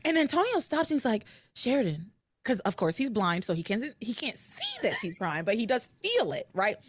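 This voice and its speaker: A woman's voice: fairly high pitch, fairly quick, a little hiss or hum. Chatty woman podcast host. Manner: animated storytelling, laughs often. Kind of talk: casual recap chat.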